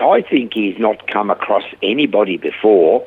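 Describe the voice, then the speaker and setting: An older man telling stories as a guest in a conversation, animated and lifting his voice when he quotes himself. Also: on the low side, normal speed, husky. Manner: animated retelling, voice rising when quoting himself. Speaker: guest, rehab centre founder. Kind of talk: storytelling in a conversation. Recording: tinny phone line.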